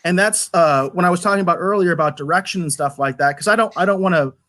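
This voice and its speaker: Animated man reviewing with exasperation. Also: high voice, quick pace. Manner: rambling, repeats words when restarting. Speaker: podcast reviewer. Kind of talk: casual review chat.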